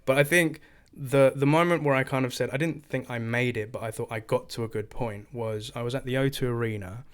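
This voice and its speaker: English guy in his thirties, mid-pitched, lively storyteller who slips into other people's voices; guest in a casual interview. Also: fairly quick, clean tone. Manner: animated, acts out quoted voices.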